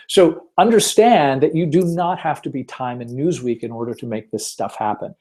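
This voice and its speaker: Chatty, mellow-voiced man hosting a webinar. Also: medium pitch, lively intonation, normal speed, hardly any pauses. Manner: chatty, self-deprecating, lots of fillers. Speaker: webinar host. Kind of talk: casual webinar talk with storytelling.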